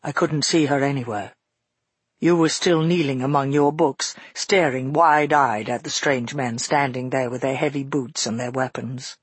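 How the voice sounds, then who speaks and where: A man voicing a father who tells his daughter a frightening past event in a measured, earnest first-person telling. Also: medium pitch, steady tone, breathy edge, dry recording, natural voice. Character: grown father recounting a frightening past, shaken. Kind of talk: audiobook narration.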